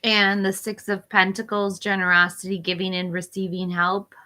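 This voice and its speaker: Bright-voiced woman reading tarot cards. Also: mid-range voice, level tone, moderate pace. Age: 40s. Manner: reads card meanings in short listed phrases. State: losing her voice. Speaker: tarot reader. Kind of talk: live-stream tarot reading.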